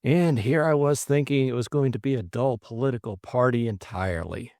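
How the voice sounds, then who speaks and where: A man's voice: mid-range voice, fairly quick, a little mellow, no room sound, studio quality, voice pushed up, lightly acted. Man voicing a playful young charmer, murmuring. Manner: murmured, confiding.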